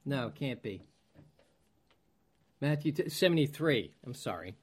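A man teaching from the Bible as a pastor, reading scripture aloud and often pausing to find his place. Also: mid-range voice, animated. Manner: slow, searching, clears throat, loses place; reads scripture aloud in King James wording.

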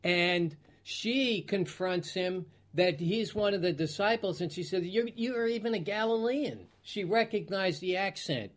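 A man teaching from the Bible as a pastor, reading scripture aloud and often pausing to find his place. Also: high voice, expressive. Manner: slow, searching, clears throat, loses place; reads scripture aloud in King James wording.

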